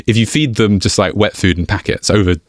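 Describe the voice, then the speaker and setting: A man as a podcast guest, telling animated stories in casual interview chat and laughing often. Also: fairly low pitch, fairly quick, no room sound, clean studio sound. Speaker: YouTuber guest.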